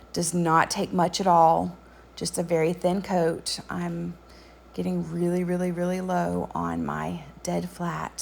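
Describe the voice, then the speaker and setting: A woman narrating a craft tutorial voice-over in a relaxed, chatty way with frequent ums. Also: fairly low pitch, vocal fry, a little hiss or hum.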